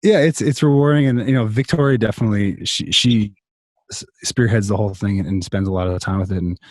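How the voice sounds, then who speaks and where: Low-voiced man rambling on a video call. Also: quick pace, a little mellow, no echo, studio quality. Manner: rambling, many restarts and fillers. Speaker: songwriter guest. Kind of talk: casual interview storytelling. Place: home, over a video call.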